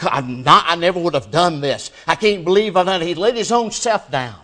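A man preaching a sermon, swinging between loud emphatic peaks and hushed, low endings, and reading scripture aloud.

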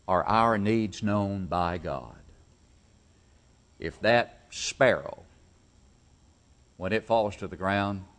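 A man preaching a sermon to a congregation, emphatic, repeating key phrases and asking rhetorical questions. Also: fairly low pitch. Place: church service.

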